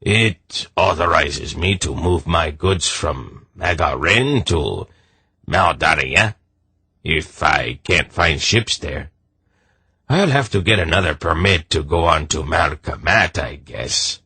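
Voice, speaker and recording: A shrewd, easygoing merchant rambling on in a casual, offhand manner, as a man puts him on. The voice is very deep and husky, delivered slowly and close on a dry mic. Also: lively intonation, pushed and bright, dry recording, heavily acted. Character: rangy, easygoing male merchant, shrewd and talkative.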